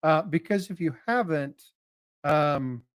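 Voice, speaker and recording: Man with a drawl, friendly streamer chatting with his viewers, slightly high voice, dry sound. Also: expressive, takes it slowly, dry recording. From North Carolina. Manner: folksy, greets viewers by name, jokey. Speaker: livestream host. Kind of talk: casual livestream chat.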